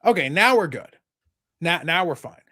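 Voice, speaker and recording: A man's voice: fairly high pitch, animated, moderate pace, sharp tone. A man hosting a live podcast, talking casually in a rambling, sarcastic, joking way. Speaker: podcast host.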